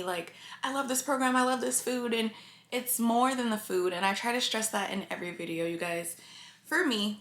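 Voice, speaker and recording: A woman speaks straight to her viewers in a confiding, heartfelt way, emotion close to the surface. Her voice sits at an ordinary middle pitch. The room around her rings with noticeable echo. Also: a bit bright. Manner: earnest and confiding, addresses viewers often. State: emotional, near tears. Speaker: vlogger. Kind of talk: casual talk to camera. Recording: echoey room.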